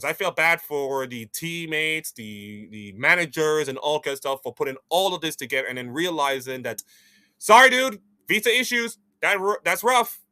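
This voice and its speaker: A man hosts an esports news show, thinking aloud in a rambling, animated way and often restarting his sentences. His voice is very bright and sits a little high. The sound is dry and close. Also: no room sound. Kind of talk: opinionated esports commentary.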